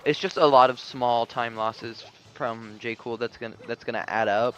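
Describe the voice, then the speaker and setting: A man co-commentating a live video game match, relaxed and self-deprecating. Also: mid-range voice, normal speed, highs cut off. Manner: relaxed, self-deprecating, laughs at own slips. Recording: faint music behind.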